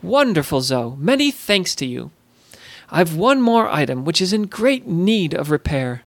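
A man's voice: high-pitched, very animated, measured pace, no room sound, heavily acted. A man voicing a polite, clever young girl in a storybook tale, speaking courteously and coaxingly. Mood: gentle.

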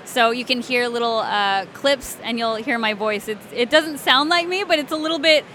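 A woman's voice: fairly high pitch, moderate pace, bright, forceful tone, slight background noise. A woman from Alabama, chatting in an interview as a voice actress, bubbly and often giggling. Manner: bubbly and giggly, many fillers. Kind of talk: casual interview chat.

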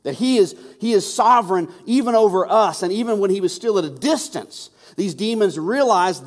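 A male pastor with a high-pitched voice gives a conversational sermon, doubling back on words as he presses each point. His voice carries a long reverb from a large hall. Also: expressive, moderate pace, hardly any pauses. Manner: conversational, repeats words when emphasizing.

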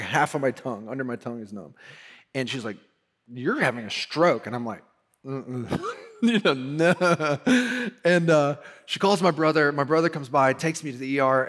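A man, a pastor telling a personal story in a casual sermon, animated and laughing as he acts out quotes. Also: medium pitch.

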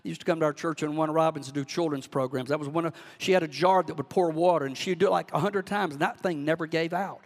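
A man's voice: on the high side, fast talker, hardly any pauses. A male pastor with a Southern US accent, preaching a sermon in a folksy, fervent manner in a church. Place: church sanctuary. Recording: long church hall reverb.

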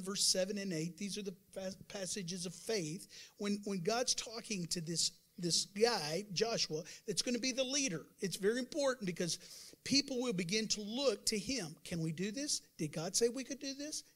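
A male pastor preaching a sermon to his congregation, emphatic with sudden loud bursts, chatty, calling out to the room. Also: high voice. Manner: conversational, acts out doubters' voices.

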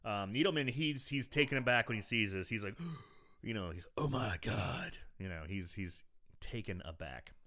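A man's voice: lowish voice, pushed and bright. A man casually recapping a movie scene by scene on a podcast, rambling, swearing and laughing easily. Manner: rambling, profane, quick to laugh. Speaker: podcast host.

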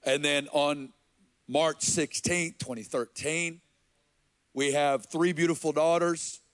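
A man from Arkansas, preaching and telling a personal story in an earnest, halting way. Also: on the high side, steady tone, dry recording. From Arkansas, USA. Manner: earnest, slow and halting, with quoted dialogue. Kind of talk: sermon storytelling.

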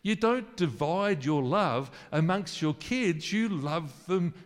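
A man's voice: on the high side, animated, takes it slowly. Man preaching in a reverberant hall. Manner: earnest, rising to emphatic then dropping to soft and intimate. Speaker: pastor. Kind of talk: sermon.

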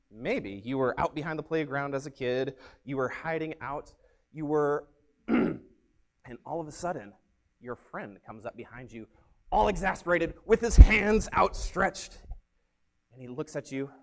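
A young man preaching as a youth pastor, telling stories in an upbeat, energetic way. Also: mid-range voice. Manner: upbeat, energetic, animated storyteller. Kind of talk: youth sermon with storytelling.

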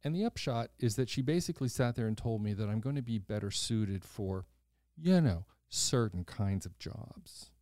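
A man's voice: lowish voice, normal speed, dry recording, clean studio sound. A man in his sixties, a podcast host, telling a personal story in a casual, blunt way, acting out the voices of the people in it. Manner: animated storyteller who acts out quoted voices, blunt and swears casually.

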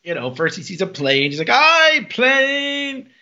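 A man co-hosting a podcast, chatting casually and laughing as he retells TV scenes with quick quoted lines. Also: a little high, bright, forceful tone. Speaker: podcast co-host. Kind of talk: casual episode recap chat. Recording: dull lo-fi podcast mic.

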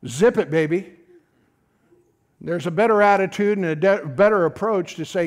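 A man's voice: high-pitched, moderate pace. A middle-aged man preaching a folksy, conversational sermon, often calling out to his congregation.

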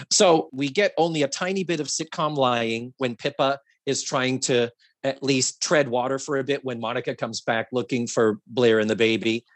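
A man hosting a podcast in a casual chat, talking in an animated, profane way and acting out quotes from a sitcom. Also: mid-range voice, measured pace, no echo. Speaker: podcast host.

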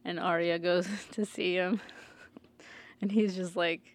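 A woman's voice: lowish voice, measured pace. A woman in casual chat, animatedly retelling a TV plot and laughing often. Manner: animated storyteller, acts out characters, laughs often.

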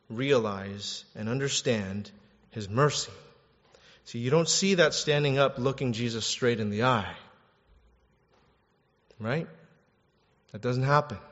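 Man, pastor, conversational animated sermon, echoey church hall, dull muffled recording. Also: mid-range voice. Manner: animated, conversational, acts out quotes, restarts words.

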